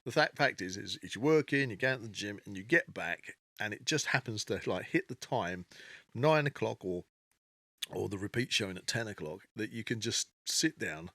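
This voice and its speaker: A man's voice: lowish voice, lively intonation, moderate pace, a bit bright, no room sound, studio quality. A man co-hosting a casual podcast chat, rambling with many restarts and easy laughs. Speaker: podcast co-host.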